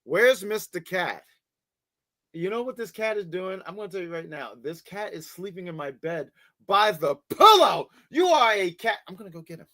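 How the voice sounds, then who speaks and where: Animated man chatting on a wrestling review show. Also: sits high, normal speed, no room sound. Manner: animated, repeats words, baby-talks to his cat. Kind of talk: casual review chat.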